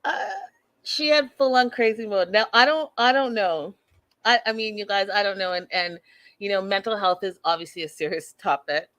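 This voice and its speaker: Speaking at normal speed with a medium pitch, a woman in her thirties hosts a podcast recapping a reality show. She is animated, blunt, and full of opinions, addressing her audience straight on as y'all in a casual tone.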